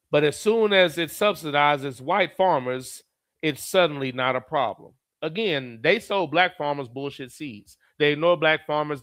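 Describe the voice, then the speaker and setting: A man who hosts a stream, reading chat aloud and ranting bluntly. His voice is smooth and resonant, pitched a bit above most men's, with a dry, close sound. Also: fairly bright tone, dry recording. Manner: blunt, heated, reads viewer comments aloud. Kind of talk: profane live commentary reading chat.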